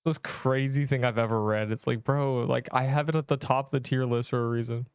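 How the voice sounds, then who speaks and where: A man with a smooth, resonant voice at an everyday pitch, streaming a game and bantering with chat. He rambles and sounds exasperated, heavy on slang. The sound is dry and close. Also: fairly even intonation, fairly quick, no echo. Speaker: gaming streamer. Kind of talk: casual livestream chatter while playing.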